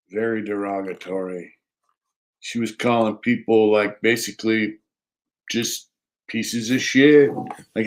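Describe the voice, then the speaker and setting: A man chatting casually on a livestream, rambling and repeating himself, reading out viewer comments and talking to his dog in between. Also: medium pitch. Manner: rambling, repeats himself, reads chat aloud. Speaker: livestream host.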